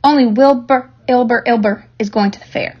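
A woman's voice: on the high side, normal speed, breathy edge. A woman reading as a snappish stammering goose. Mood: scolding. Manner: snappish, repeats words. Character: bossy mother goose, stammering. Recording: dull lo-fi recording.

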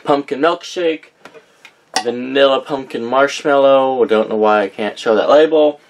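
In this vlog, a young man walks through his candle collection, speaking at a normal speed with a medium pitch over slight background noise. His casual, rambling chat involves reading names aloud and correcting himself often.

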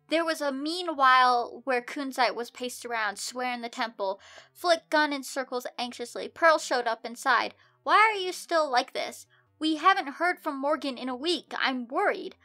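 A young woman reads fan fiction aloud for laughs, her voice high and bright. She keeps interrupting the story with exasperated, incredulous outbursts. Soft music plays faintly beneath her. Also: normal speed. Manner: exasperated, breaks off to shout in disbelief. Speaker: channel host reading fan fiction. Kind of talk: comedic dramatic reading with commentary. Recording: soft music bed underneath.

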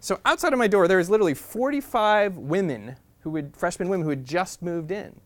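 A man spinning a humorous personal story at a quick clip. His pitch swings widely, and he keeps the tale lively and chatty, often breaking into laughter. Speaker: guest speaker.

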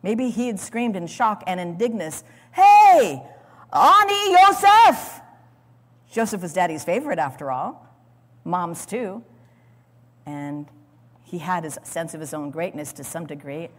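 A woman teaching a sermon on scripture, dramatic and expressive, acting out the lines she quotes and calling for the next slide. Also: lowish voice, moderate pace. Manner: speaks to an audience, calls for slides. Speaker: Bible teacher. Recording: long hall reverb.

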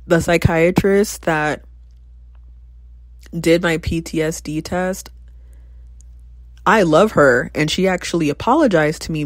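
A podcaster in their twenties talks through a personal story in a candid, reflective way, with sudden bursts of exclamation. The voice sits at a middle pitch and sounds close and dry, with no room echo. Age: 20s. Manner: reflective, reenacts past conversations with sudden exclamations. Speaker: podcast host.

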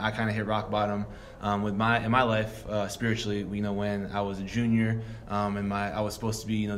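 A young football player in his twenties, appearing as a guest, shares a personal faith story as a reflective testimony. He rambles earnestly with plenty of fillers in a fairly low voice, with slight background noise on the recording.

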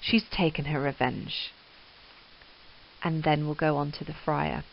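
A woman's voice: deep voice, level tone, a little slow, creaky, a little hiss or hum. A woman teaching English literature, reading Middle English verse aloud and explaining it with enthusiastic emphasis. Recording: dull lo-fi recording.

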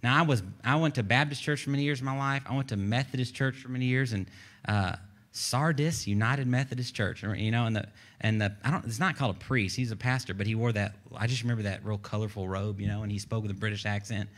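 A man's voice: mid-range voice, fast, fairly bright tone. A man preaching a sermon as pastor, folksy and conversational, with rising bursts of emphasis. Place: church sanctuary.

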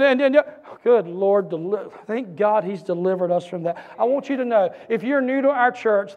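A man preaching a sermon as pastor, with a repetitive, building cadence that rises to shouts. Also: very high voice, highs cut off. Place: church sanctuary. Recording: church hall reverb.

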